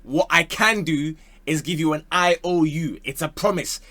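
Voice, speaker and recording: Playful young man, bright tone. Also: a little high, normal speed, no room sound. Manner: playful and slangy, slipping into joke voices. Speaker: football YouTuber. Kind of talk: comedic football talk.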